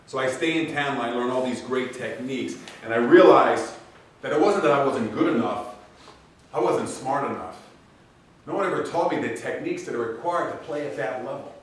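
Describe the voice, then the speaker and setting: A middle-aged man giving a graduation speech, an animated storyteller who acts out the people he quotes. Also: mid-range voice, fairly quick, a little hiss or hum. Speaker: commencement speaker. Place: large event hall. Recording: echoey hall, voice from far off.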